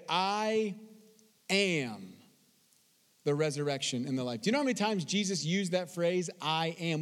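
High-voiced preacher man in a reverberant hall. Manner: expressive preaching, reads scripture slowly and emphatically. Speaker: pastor. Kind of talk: sermon.

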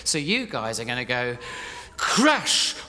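A man preaching live in a church hall, playful and energetic, directing his congregation as he tells a story. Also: medium pitch, moderate pace. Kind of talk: interactive sermon storytelling. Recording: reverberant hall, faint noise.

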